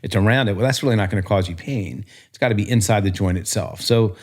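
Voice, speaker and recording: A man from Pennsylvania, a chiropractor being interviewed, talking quickly in a chatty, storytelling way. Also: on the low side, a little mellow. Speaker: chiropractor guest. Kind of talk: casual podcast interview.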